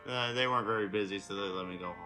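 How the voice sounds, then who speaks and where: A performer playing an eager young adult grandchild in a homemade comedy sketch, agreeing with everything. Music plays clearly behind the voice. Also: deep voice, rapid-fire, bright, forceful tone, poor audio. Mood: upbeat. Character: young adult grandchild coming home from work, upbeat.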